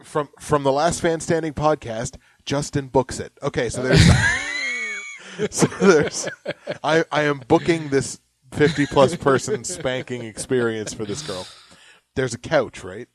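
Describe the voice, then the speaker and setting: A young man co-hosting a comedy podcast, joking around and reading ads aloud with mock yelling. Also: on the high side, wildly swooping pitch, unhurried. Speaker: podcast co-host. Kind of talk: casual comedic chat.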